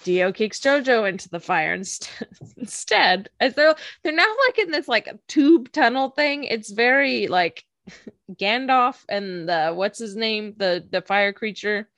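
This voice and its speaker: A woman co-hosting a casual chat, recapping a show with animated sarcasm and frequent laughter. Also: medium pitch, a little slow, no echo. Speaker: podcast co-host recapping an anime.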